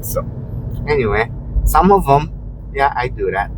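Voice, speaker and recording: A man in a car telling stories in a rambling, easygoing way. His pitch swings widely as he talks, and he keeps restarting his sentences with "you know." A faint car hum runs underneath, picked up by a camera mounted in the car. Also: lively intonation, a little slow. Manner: acts out quotes in a raised voice. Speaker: rideshare driver. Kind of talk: casual storytelling while driving. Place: inside a moving car. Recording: faint car road noise.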